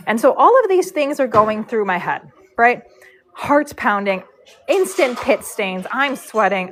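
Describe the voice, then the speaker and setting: A woman's voice: mid-range voice, a little hiss or hum, rough recording. Chatty woman telling a story. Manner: animated, rambling, with frequent fillers. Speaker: horse braider and live streamer. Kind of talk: casual storytelling on a livestream.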